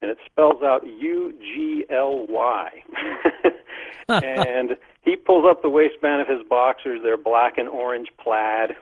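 A man's voice: medium pitch, takes it slowly. A middle-aged man animatedly telling a story, often laughing as he talks, as an interview guest. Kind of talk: casual storytelling. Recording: tinny phone line.

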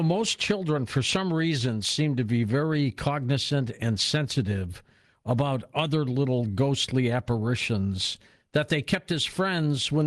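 A man hosting a call-in radio show, telling stories in a relaxed conversational way and welcoming callers. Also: mid-range voice. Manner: storytelling, conversational. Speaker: radio host.

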